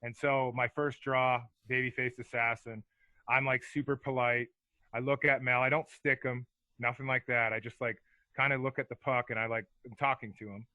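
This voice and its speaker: A man's voice: medium pitch, flat delivery, moderate pace, sharp tone, no room sound, low-quality recording. A man in his forties, a former hockey enforcer, telling profane, laid-back stories as a podcast guest. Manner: profane, laid-back storyteller with filler words. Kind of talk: casual storytelling chat.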